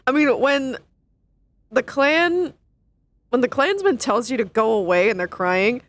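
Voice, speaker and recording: Giggly girl streamer laughing thru her commentary, slow and kinda high. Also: dry recording. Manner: giggly, laughs often, self-mocking. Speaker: streamer watching a role-play stream. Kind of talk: casual live-stream commentary.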